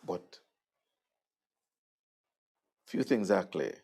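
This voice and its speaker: A man with a Vincentian accent hosting a political talk show, sardonic and conversational, swinging between loud jabs and murmured asides. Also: low voice, big pitch swings, drawn-out words, vocal fry, breathy edge. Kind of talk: political commentary.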